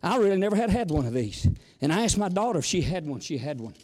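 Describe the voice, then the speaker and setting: High-voiced preacher. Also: male voice, big pitch swings, fast talker, a little mellow, long reverb tail. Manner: folksy storytelling, exclamatory then chatty with props. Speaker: visiting preacher. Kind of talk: sermon.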